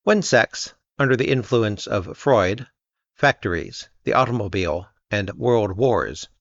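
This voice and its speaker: Low gravelly man reading an essay. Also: expressive, a little slow, no room sound. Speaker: reader. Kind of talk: scripted narration of an essay. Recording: dull lo-fi dry recording.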